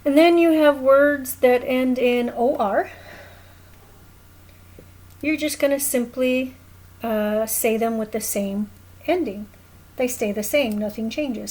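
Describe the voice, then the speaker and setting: A woman's voice: a little high, takes it slowly, long pauses, a little mellow, rough recording. A woman teaching a recorded lesson, explaining patiently at a whiteboard and often checking in with "okay?". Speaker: Spanish teacher.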